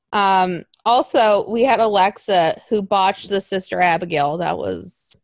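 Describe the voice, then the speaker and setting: A woman chatting casually as a co-host, animated and sarcastic, often laughing and acting out what others said. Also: mid-range voice, slow, creaky, no echo, studio quality. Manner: animated, sarcastic, acts out quotes in exaggerated voices, laughs often. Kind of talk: casual chat.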